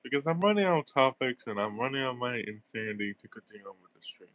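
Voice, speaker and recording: A man's voice: medium pitch, animated, fast, a bit bright. A young man with a stuffy nose, rambling through casual gameplay commentary with lots of fillers and giggles. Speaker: gaming streamer.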